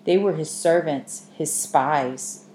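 A woman's voice: low-pitched, slow, a little mellow. A woman voicing a man in striped pajamas who speaks in a grave, warning tone. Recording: echoey room, faint hiss.

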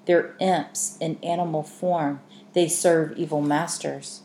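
A woman's voice: low voice, fairly even intonation, takes it slowly, dark tone. A woman voicing a fearful old bearded man with a grumbling manner. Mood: grim. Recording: echoey room, faint hiss.

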